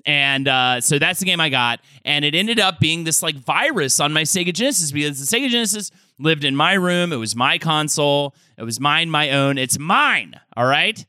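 A man's voice: fairly high pitch, lively intonation, normal speed, few pauses, pushed and bright, clear, resonant tone, no echo. A man co-hosting a comedy podcast, telling a rambling, jokey story with many restarts. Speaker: podcast co-host.

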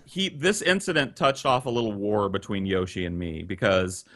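A man telling a long story on a podcast, animated and profane, acting out the people he quotes, on a video call. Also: on the low side, moderate pace, a little hiss or hum. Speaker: guest storyteller.

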